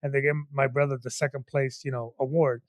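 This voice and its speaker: A man's voice: medium pitch, little pitch movement, brisk, dry recording, studio quality. A man in his forties co-hosting a comedy podcast, telling a rambling story and leaning on "you know what I mean". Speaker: podcast co-host.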